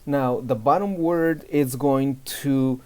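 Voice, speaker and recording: Slow, patient male Spanish teacher. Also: medium pitch, a little mellow, smooth. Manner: slow, repeats each word three times for learners. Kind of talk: beginner language lesson.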